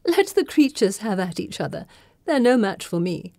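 A woman's voice: mid-range voice, big pitch swings, normal speed, mellow, dry recording. A woman voicing a cruel, coquettish teenage girl who speaks coolly and sometimes sinks into a menacing whisper. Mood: taunting. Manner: cool, sly, drops to menacing whispers. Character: coy, cruel teenage girl queen, taunting.

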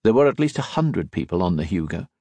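A man narrating an audiobook in an expressive storytelling manner. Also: sits low, quick pace, no echo. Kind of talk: scripted narration.

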